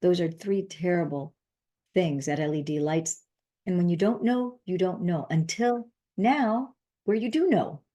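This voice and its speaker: A woman's voice: lowish voice, unhurried, dark tone. A woman hosting a wellness video, talking earnestly to her viewers and repeating her key phrases for emphasis. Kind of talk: casual monologue to camera.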